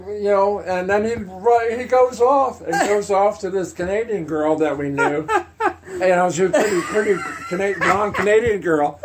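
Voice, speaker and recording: An older man spins a family story in a loose, rambling way, full of fillers and little laughing asides. His voice sits somewhat high for a man. A faint hum of room noise sits underneath. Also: normal speed. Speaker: storyteller, uncle.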